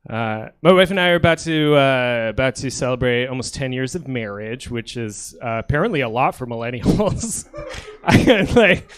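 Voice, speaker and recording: A man's voice: medium pitch, lively intonation, moderate pace, clear, resonant tone. A man in his thirties from Ukraine doing a stand-up set on a comedy theater stage, joking with apologetic, self-deprecating asides. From Soviet Union, Ukraine.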